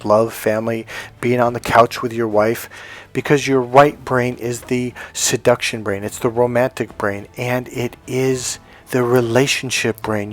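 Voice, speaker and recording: A man coaching other men on dating in an emphatic, blunt monologue, swearing freely as he drives his points home. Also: medium pitch. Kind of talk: motivational monologue to camera.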